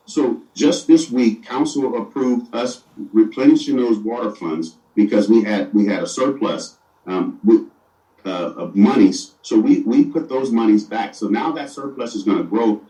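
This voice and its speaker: Middle-aged mayor, dark echoey sound. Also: male voice, medium pitch, normal speed. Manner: earnest, stumbles and repeats words. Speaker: city mayor. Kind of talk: answering interview questions. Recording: echoey room, far from the mic.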